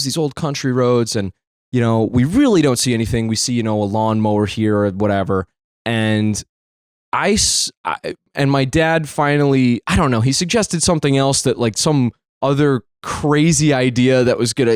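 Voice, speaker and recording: A young adult man telling a personal story, animated and profane, his voice leaping up when he is exasperated. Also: dry recording, clean studio sound. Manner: animated, swears freely, jumps high when exasperated. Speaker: storyteller host.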